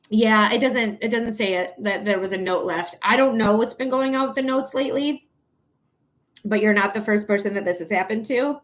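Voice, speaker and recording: A woman from the Detroit area with a Detroit accent, chatting casually and giggling as she hosts a live psychic reading stream, sleep deprived. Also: a little high. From Metro Detroit, Michigan. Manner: chatty, giggly, thinks out loud. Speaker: psychic reader and livestream host.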